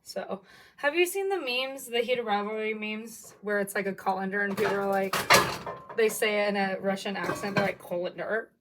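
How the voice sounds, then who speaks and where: A young woman talking casually to a phone camera in her home kitchen, chatty and excitable, often laughing. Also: medium pitch, normal speed, a little hiss or hum. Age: young adult. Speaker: vlogger. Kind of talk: casual vlog chat.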